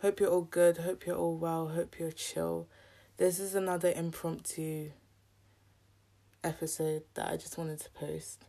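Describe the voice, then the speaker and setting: A woman's voice: on the low side, level tone, unhurried, creaky, mellow. A young woman from the UK hosting her own podcast, talking casually and candidly with a scratchy, sore throat and a little out of breath. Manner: chatty, candid and rambling. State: a bit out of breath. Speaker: podcast host. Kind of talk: casual solo podcast chat.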